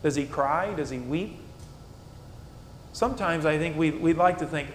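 A man preaching a sermon as pastor, asking rhetorical questions and swinging between soft, low passages and emphatic peaks. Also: measured pace, long pauses. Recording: echoey hall with faint rumble.

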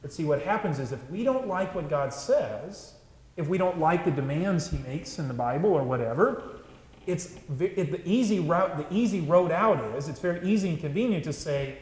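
A man's voice: a little high, lively intonation, moderate pace, darkish tone. A man, a pastor, preaching a conversational sermon with frequent asides to the congregation. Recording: echoey church with long reverb.

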